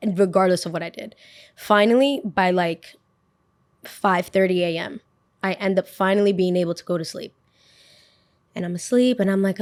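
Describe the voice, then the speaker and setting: A young woman tells a story on her own podcast with plenty of drama. She acts out each person's lines in turn, and her voice sits at an ordinary middle pitch. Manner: animated, acts out what people said. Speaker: podcast host. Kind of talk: casual storytelling.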